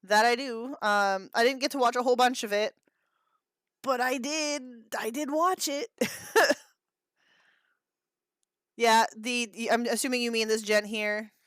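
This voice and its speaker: A woman's voice: on the high side, a bit bright, clear, resonant tone, no echo. A woman in her thirties hosting a livestream, chatting casually with viewers, laughing often and swearing freely as she reacts to chat. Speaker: livestream host.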